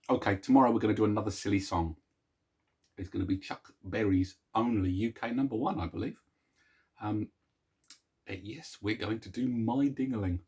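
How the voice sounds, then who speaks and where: Soft-spoken chuckling man. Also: on the low side, husky. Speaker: host of a daily song video series. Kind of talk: casual chat to camera.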